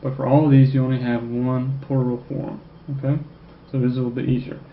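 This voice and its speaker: A man teaching a French grammar lesson, who keeps checking in with "okay?" and repeats French phrases slowly. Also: mid-range voice, flat delivery. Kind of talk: recorded classroom lecture. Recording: echoey room, dull lo-fi sound, faint noise.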